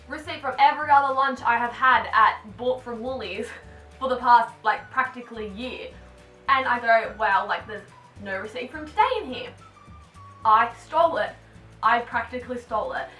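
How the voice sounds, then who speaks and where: A young Australian woman chats through a storytime vlog, her voice bright and a little high, peppered with "like." She sounds a bit far from the mic in an echoey room, with soft music underneath. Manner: chatty, animated, lots of "like" fillers. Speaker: vlogger.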